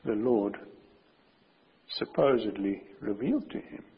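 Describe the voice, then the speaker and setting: A man preaching a sermon with a very husky voice, speaking emphatically and slowing down to stress his warnings. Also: on the low side, lively intonation. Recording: dull recording with long hall reverb.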